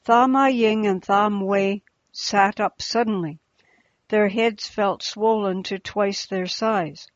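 A woman reading a storybook aloud in a slow, deliberate storytelling manner, in a slightly muffled recording. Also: medium pitch, fairly even intonation, no room sound. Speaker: narrator.

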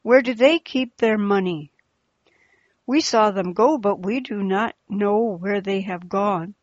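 A woman's voice: medium pitch, takes it slowly, no echo. A woman voicing a gang of male rebel robbers who snarl and mock threats, in a slightly muffled recording.

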